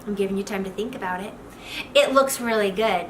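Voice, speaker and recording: A middle-aged woman hosting a marriage advice talk, speaking straight to her viewers in an animated, expressive way. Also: medium pitch, a little fast, slight background noise, poor audio. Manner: animated and expressive, acting out quoted voices. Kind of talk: direct-to-camera advice talk.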